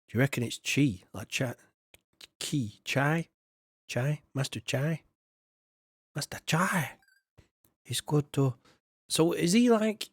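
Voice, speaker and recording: A man's voice: mid-range voice, a little mellow, dry recording, studio quality. Chatty man streaming a game. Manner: rambling and chatty, often clears his throat. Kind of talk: casual live-stream commentary.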